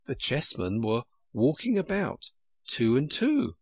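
A man narrating a storybook in a lively way. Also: medium pitch, slow, husky, no echo.

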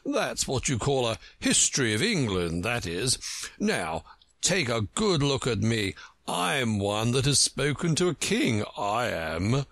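Male reader doing a pompous, touchy egg, drawn-out and huffy, gravel in the voice, swooping pitch. Storybook. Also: sing-song, fairly bright tone, no room sound, heavily acted. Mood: grand. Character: pompous touchy egg-shaped man on a wall. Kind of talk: storybook reading.

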